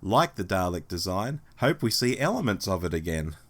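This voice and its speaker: A man with a hoarse voice, co-hosting a casual podcast chat in an animated, mock-scolding way. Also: deep voice, moderate pace. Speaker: podcast co-host.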